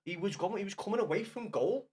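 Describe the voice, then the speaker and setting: A young man with a slightly raised voice, talking with viewers on his live game stream. He swears freely and teases his chat with loud, joking banter, and his voice sits a little higher than most men's. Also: animated, quick pace, breathy edge.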